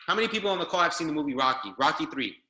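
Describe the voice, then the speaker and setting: A man's voice: on the high side, animated, rapid-fire, pushed and bright, echoey room. A man giving a motivational speech to a group call as a business trainer, exhorting and hammering the same phrases again and again. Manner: fired-up, hammering repetition, exhorting.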